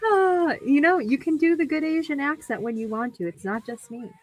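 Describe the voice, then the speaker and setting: A woman's voice: sits high, brisk. A woman co-hosting a livestream, chatting playfully and laughing a lot. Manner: giggly, playful. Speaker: livestream co-host. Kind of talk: casual livestream chat.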